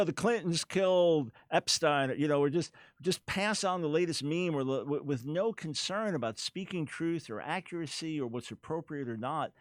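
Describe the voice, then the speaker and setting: A man hosting a radio talk show, speaking earnestly and quick to jump in with his own points. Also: on the high side, no room sound.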